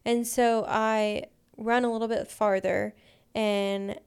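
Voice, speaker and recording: A woman co-hosting a podcast, telling a story in a casual, animated way, with lots of "like". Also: fairly high pitch, clear, resonant tone. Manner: animated, fast anecdotes full of "like". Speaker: podcast co-host.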